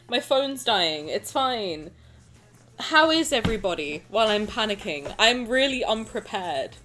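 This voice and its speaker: A woman's voice: fairly high pitch, big pitch swings, moderate pace, fairly bright tone, soft background music. A woman streamer in casual live-stream chat, talking in a frantic, rambling, self-mocking way.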